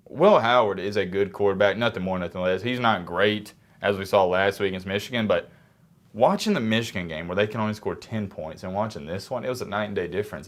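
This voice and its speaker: Sick young man doing sports reaction. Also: a bit bright. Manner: low-energy, apologetic, drifting away from the mic at times. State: sick, congested. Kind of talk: casual sports commentary to camera.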